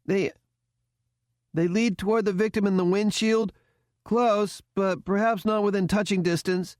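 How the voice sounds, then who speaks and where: A man's voice: high voice, steady tone, measured pace, no echo, studio quality, voice pushed up. A man voicing a young, earnest male cadet who stammers and grows anxious. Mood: panicky. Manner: stammering, anxious, rising into panic.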